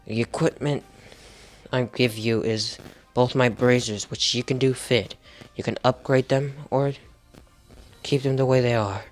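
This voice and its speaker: A man's voice: mid-range voice, steady tone, measured pace. Young male fan storyteller, improvised and rambling, faint music behind. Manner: rambling, with restarts and laughs.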